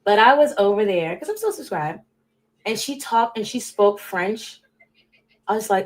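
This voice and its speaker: A woman's voice: a little high, animated, moderate pace. Casual woman livestreamer, rambling and talkative, addressing chat directly, volume jumping between bursts and mutters. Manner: rambling, chatty, talks straight to chat viewers; drifts between loud bursts and muttered asides. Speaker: livestream host.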